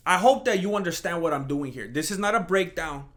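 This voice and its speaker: A man hosting a casual solo podcast, rambling and animated, who mocks imagined critics in a higher voice. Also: brisk. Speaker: podcast host.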